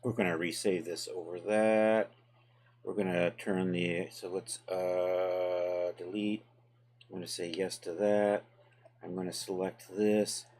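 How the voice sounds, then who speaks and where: A deep-voiced man takes it slowly as he runs a live tutorial stream on 3D software. He talks casually to his chat while working through the steps, relaxed and chatty, thinking aloud as he goes.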